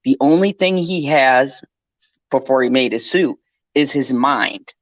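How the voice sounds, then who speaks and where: A man's voice: medium pitch, measured pace, dry recording, muffled recording. A man co-hosting a live pop culture stream, talking casually and ranting with lots of swearing. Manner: animated, profane, ranting.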